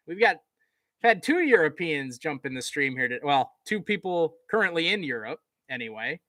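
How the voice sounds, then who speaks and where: Young male streamer doing casual play-by-play. Bright voice, a bit high, close dry mic. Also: moderate pace, dry recording. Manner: excitable, chatty, laughs and hums between plays. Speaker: live stream commentator.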